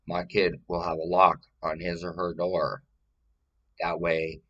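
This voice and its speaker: A man's voice: low-pitched, a bit bright, lo-fi sound. A man talking to the camera in a rambling personal monologue, profane and full of repeated, restarted phrases.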